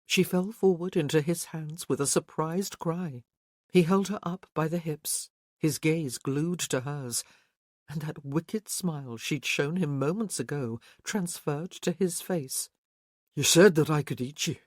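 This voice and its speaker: A middle-pitched voice narrates a romance audiobook at an even, slow pace. It's captured up close in a dry recording with no reverberation.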